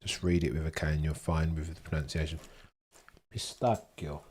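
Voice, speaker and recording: A man's voice: a bass voice, completely flat delivery, fast talker, darkish tone, slight background noise. A young man hosting a livestream, chatting casually and joking as he reads comments aloud. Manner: chatty, jokey, laughs often, mutters asides. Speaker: livestream host.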